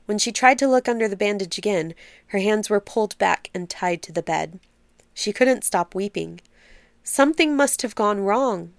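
A woman narrating a literary story in a measured, steady reading voice. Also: medium pitch, gravelly, no echo.

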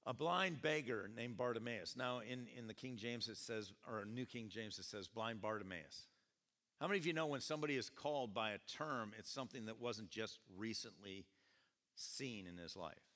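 A man pastor preaching a sermon at a church service, animated and questioning his congregation as he tells the story. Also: mid-range voice, moderate pace. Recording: echoey church hall.

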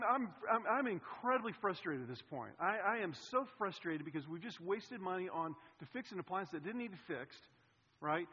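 A male pastor delivers a sermon in a church, telling a personal story with lively swings from loud outbursts to quiet asides. His voice sits a bit high with a husky edge. The sound rings with long hall reverb and comes across dull. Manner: animated, swings between loud and hushed. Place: church sanctuary.

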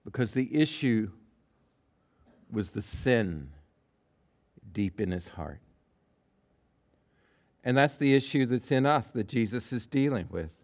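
A man preaching a sermon, acting out quotes with big swings from loud bursts to hushed lines. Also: medium pitch, expressive, takes it slowly, pauses often. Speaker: pastor.

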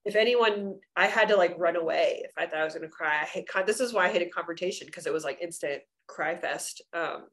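A woman's voice: fairly low pitch, a little fast, few pauses, fairly bright tone. Chatty woman co-hosting a casual podcast. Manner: chatty, filler-heavy, acts out quoted voices. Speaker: podcast co-host. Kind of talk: casual chat.

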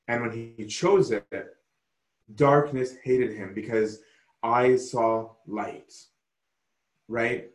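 A man preaching a sermon slowly and emphatically, often pausing to ask "right?". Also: medium pitch, roomy sound. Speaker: pastor.

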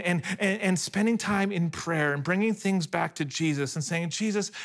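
A man in his thirties delivers a sermon in an earnest, personal way. His voice sits fairly high for a man. He moves between hushed, tender passages and emphatic, rising ones. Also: vocal fry. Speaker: pastor.

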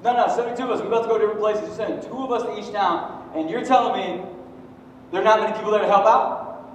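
A preacher putting on a high, excitable young disciple. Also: male voice, rapid-fire, slight background noise, natural voice. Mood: excited, incredulous. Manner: high, excited, incredulous outbursts. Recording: echoey hall from far off.

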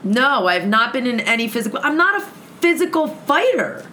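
A woman with a high, bright, forward voice recounts a confrontation in casual conversation. She swears constantly and acts out both sides of the argument with great energy. Faint background noise sits under her voice. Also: big pitch swings, normal speed. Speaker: guest telling a story. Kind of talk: heated storytelling in casual chat.

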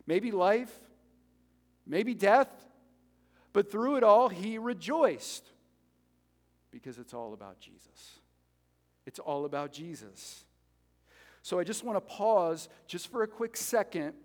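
Animated high-voiced male pastor preaching. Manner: animated, conversational, jokes with congregation. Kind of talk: sermon. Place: church sanctuary. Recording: reverberant hall.

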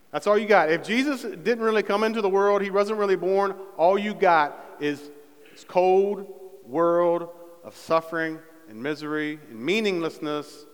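A man's voice: fairly high pitch, clear, resonant tone. A man preaching a sermon as pastor, talking casually with fillers and building to fervent emphasis. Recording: long reverb in a church hall.

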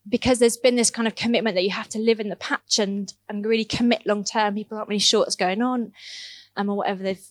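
In a church talk built around personal storytelling, a youth ministry worker speaks casually and earnestly, often laughing at her own anecdotes and peppering them with "like" and other fillers. Her voice is medium-pitched, with no room sound.

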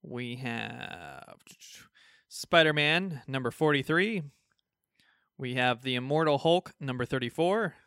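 Bright, crisp-voiced male podcast host. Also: mid-range voice, lively intonation, takes it slowly, no room sound, studio quality. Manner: reads a list of comic releases, joking. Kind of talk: casual podcast chat.

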